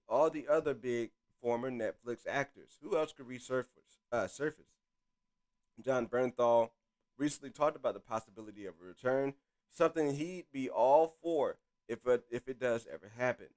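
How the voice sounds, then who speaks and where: A young man hosting a casual live stream, chatty and reading articles aloud with offhand asides, his loudness rising and dropping to mumbles. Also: mid-range voice, moderate pace.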